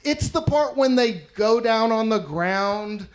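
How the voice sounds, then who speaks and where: A man's voice: high voice, animated, takes it slowly. A man doing a stand-up comedy set in a club, telling wry, self-deprecating stories into a handheld mic, recorded live. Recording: noisy live stage recording.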